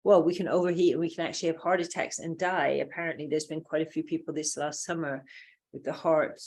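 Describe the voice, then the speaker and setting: A woman's voice: sits low, steady tone, quick pace, darkish tone. A woman from England with a British accent, leading a group lesson and explaining in a loose, rambling way with many fillers. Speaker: workshop teacher.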